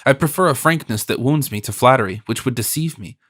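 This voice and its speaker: A man voicing a gentle noble princess. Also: mid-range voice, lightly acted. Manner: gentle, measured, softly teasing. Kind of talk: audiobook character reading.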